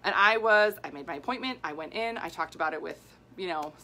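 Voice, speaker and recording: A bright, forceful-sounding woman in her forties hosts a casual live video on women's health. She talks in an animated, worked-up way, laughing often and acting out what other people say. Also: fairly low pitch, fast talker. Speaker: women's health coach and host. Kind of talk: casual live video answering viewer comments.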